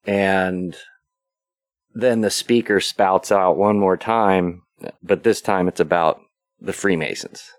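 A man hosting a solo podcast, casually retelling a film's story in a rambling, relaxed way with fillers and quick acted asides. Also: deep voice, no echo, studio quality. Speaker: podcast host.

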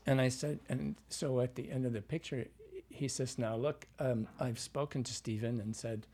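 A man's voice: medium pitch, steady tone, moderate pace, mellow, slightly rough. A man working as a dialect coach, telling rambling anecdotes in an interview, full of fillers and restarts.

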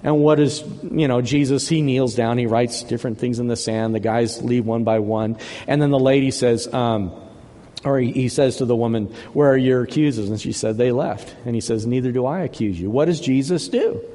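A man preaching a sermon as a pastor, emphatic, moving between hushed retelling and forceful exhortation. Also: mid-range voice, normal speed, long reverb tail.

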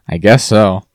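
A man co-hosting a podcast, rambling through a TV recap and slipping into quick mock quotes of the characters. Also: on the low side, dry recording, clean studio sound. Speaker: podcast co-host. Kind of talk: casual chat recapping TV.

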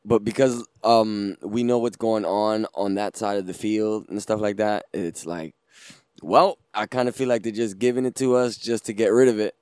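Laid-back man with a smooth low voice. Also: steady tone, a little mellow, no room sound, clean studio sound. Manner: laid-back, slangy, halting with fillers. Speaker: podcast co-host. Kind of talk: casual chat.

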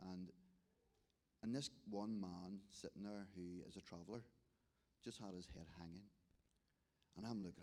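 Gravelly low Northern Irish man. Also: moderate pace, mellow. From Northern Ireland. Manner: storytelling, acts out dialogue, many restarts. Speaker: restorative justice volunteer giving testimony. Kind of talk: church testimony talk.

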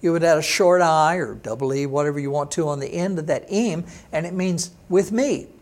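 A pastor with a fairly high voice, teaching an online sermon. He talks slowly through each word, spells it out, and answers questions he puts in a listener's mouth.

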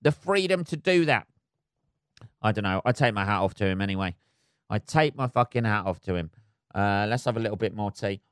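A man's voice: lowish voice, expressive, brisk, clear, resonant tone, no echo, studio quality. A man hosting a solo podcast, ranting sarcastically with lots of swearing and filler words. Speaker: podcast host. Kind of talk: casual solo podcast rant.

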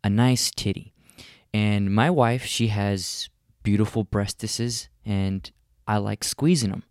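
A man's voice: fairly low pitch, slow pace, darkish tone, dry recording, clean studio sound. A man in his thirties ranting in a comic monologue, rambling and profane, with exaggerated complaining. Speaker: comedian.

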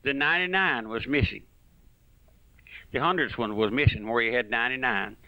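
A man's voice: mid-range voice, moderate pace, no room sound, lo-fi sound. A man preaching a folksy, fervent radio sermon that rises and falls.

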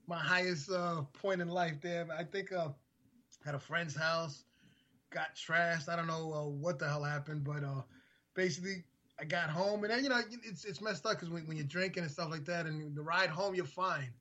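A man in his forties, a podcast guest telling stories in a laid-back, halting way. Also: a little high, steady tone, bright, forceful tone, dull audio. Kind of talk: casual chat, storytelling.

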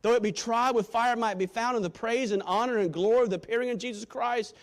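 A male preacher giving a sermon, quoting scripture in old-fashioned wording and swinging from shouted appeals to hushed, quiet lines. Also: very high-pitched, quick pace. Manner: impassioned, swinging from loud shouting to hushed tones.

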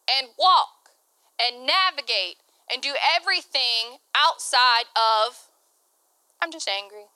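Bright, lively woman pastor preaching. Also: on the high side, clear, resonant tone, no echo. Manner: candid, laughing often, acting out quoted voices. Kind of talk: sermon.

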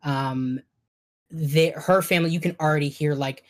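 A woman's voice: deep voice, steady tone, normal speed. A woman narrating as game master, loose and hesitant with many fillers.

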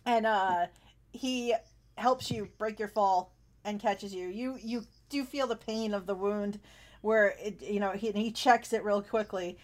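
A woman's voice: mid-range voice, measured pace. A woman narrating a tabletop game as game master, chatty and laughing often, with frequent fillers.

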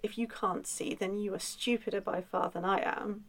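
A woman storyteller voicing a sly, defiant old village woman in a folk tale, in a mid-pitched voice. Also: fairly even intonation, moderate pace, natural voice. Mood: taunting. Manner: taunting and crafty.

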